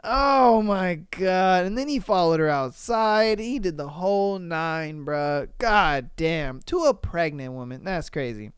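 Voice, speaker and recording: A man hosts a casual podcast, reading listener stories and then reacting. His voice is smooth and clear, with a slow, drawn-out delivery. He is recorded close and dry with no room sound, and he breaks into loud, slangy exclamations of disbelief. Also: high-pitched, expressive, no echo. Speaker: podcast host.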